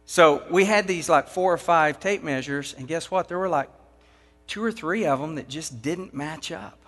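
A man's voice: on the high side, normal speed, fairly bright tone. A man preaching a sermon, telling a folksy work story with casual, down-to-earth phrasing. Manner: folksy storytelling with acted quotes. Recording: long hall reverb.

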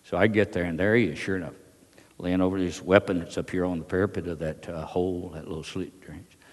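An older man from Alabama, telling a war story to an audience in a folksy, halting way full of fillers. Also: low-pitched, fairly even intonation. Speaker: veteran speaker. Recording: long reverb of a large hall.

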